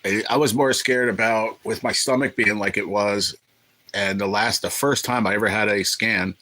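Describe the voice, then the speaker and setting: A man's voice: fairly low pitch, fairly even intonation, normal speed, sharp tone, low-quality recording. A man hosting a casual livestream, joking and rambling with viewers and swearing freely. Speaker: livestream host.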